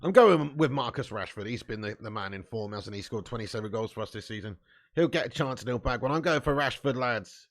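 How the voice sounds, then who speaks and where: A man hosting a live football watch-along, commenting on play, cheering loudly and chatting casually with viewers. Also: medium pitch, a little fast. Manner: excitable, bursts into loud cheering, swears freely, chats to viewers. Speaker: fan watch-along host.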